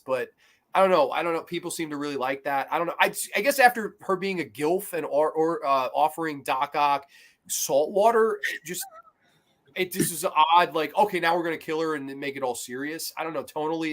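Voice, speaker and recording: Brief: male podcast talker, slightly high voice, loose, animated, swears casually. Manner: animated, swears freely, trails into fillers. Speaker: podcast co-host.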